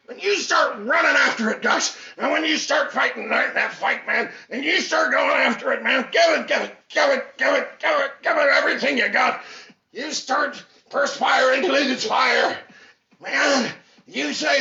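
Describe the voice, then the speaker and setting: A man giving an impassioned motivational pep talk as a fitness instructor, preachy and repetitive, bursting into shouts. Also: extremely high pitch, normal speed, gravelly. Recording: echoey, distant, dull mic with faint music.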